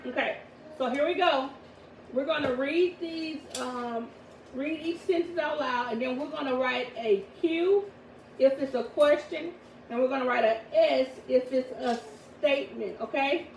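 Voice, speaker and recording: A woman in her thirties, a homeschooling mother, teaches her children a grammar lesson at the home table. Her high, creaky voice is firm, slow and deliberate as she reads sentences aloud. The echoey room is recorded from a distance, with steady background noise beneath her.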